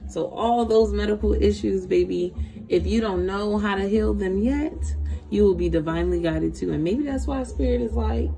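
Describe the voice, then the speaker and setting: Female tarot reader, gravelly voice, lively slangy delivery with frequent laughs and repeated phrases. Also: mid-range voice, normal speed, faint music behind. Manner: animated, slangy, laughs often, repeats herself. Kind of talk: live tarot reading stream.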